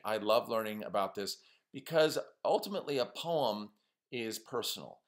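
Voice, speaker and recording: Lower-voiced man teaching a poetry class. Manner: lively, asks students questions. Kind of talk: online class lecture.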